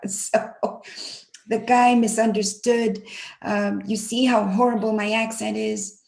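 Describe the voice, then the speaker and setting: A woman, a language coach, answering interview questions in an animated way and acting out the voices she quotes. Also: medium pitch, takes it slowly, gravelly. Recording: roomy echo.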